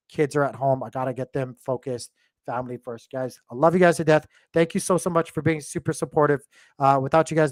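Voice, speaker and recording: In a casual home video, a crypto host speaks to viewers about the market in a fairly high voice, rambling and thinking aloud with lots of fillers. There's no room sound, and the audio is studio quality.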